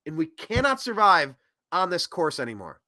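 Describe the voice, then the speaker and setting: Animated ranting man, bright voice. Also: on the high side, normal speed, no echo, clean studio sound. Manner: animated ranting, swings loud and soft. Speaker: host. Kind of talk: opinionated political commentary.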